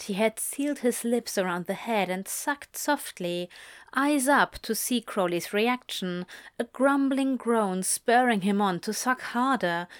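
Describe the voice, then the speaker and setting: A woman narrating a story aloud, calm and steady in tone. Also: on the high side, no echo, studio quality. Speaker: audiobook reader. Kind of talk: scripted fiction narration.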